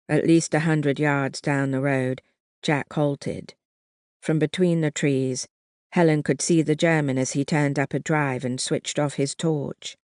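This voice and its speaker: An audiobook narrator reading a historical novel in a measured, even way. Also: medium pitch, clear, resonant tone, no echo, studio quality. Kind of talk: scripted narration.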